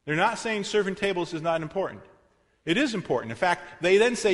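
A man preaching a sermon, with a voice that sits a little high for a man. He presses his points hard and throws questions out to the congregation. His voice rings through a hall with a long reverb tail. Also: expressive, a little fast. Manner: emphatic preaching with rhetorical questions. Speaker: pastor.

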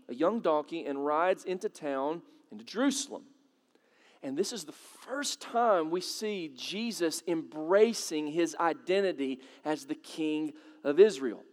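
A man's voice: high-pitched, big-room sound. A man preaching a sermon in a conversational way, asking the congregation questions and building to dramatic swells. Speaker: pastor.

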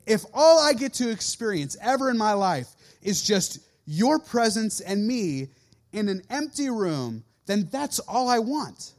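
A man in his thirties, a youth pastor preaching a sermon in an animated way and acting out quoted voices. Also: high-pitched, a little slow.

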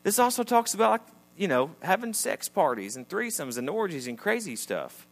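Animated preacher, emphatic and conversational. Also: male voice, high-pitched, moderate pace, vocal fry. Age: adult, married. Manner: conversational preacher, rising to emphatic peaks and dropping to quiet asides. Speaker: pastor. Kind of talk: sermon. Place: church sanctuary before a congregation.

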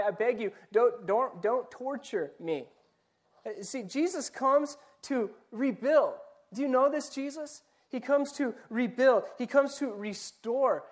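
Man preaching with emphatic repetition. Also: on the high side. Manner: asks the listeners direct questions. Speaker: pastor. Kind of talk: sermon.

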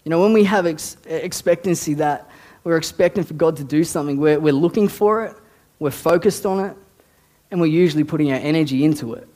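A man's voice: fairly high pitch, brisk, dark tone. A man, a youth pastor giving a conversational sermon, often repeating words as he talks. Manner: conversational, repeats words, acts out quoted voices. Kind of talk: casual sermon.

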